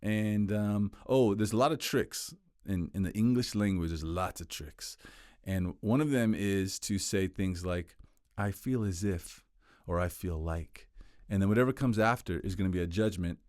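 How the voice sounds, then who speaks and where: A man teaching communication skills in a casual explainer style, animated and acting out example quotes in playful voices. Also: sits low, normal speed, no room sound, studio quality.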